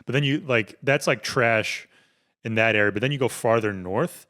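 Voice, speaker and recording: A man from Connecticut co-hosting a comedy podcast, joking quickly and dropping into silly voices. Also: medium pitch, a bit bright. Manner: quick, jokey, drops into voices. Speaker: podcast co-host. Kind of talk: casual comedy chat.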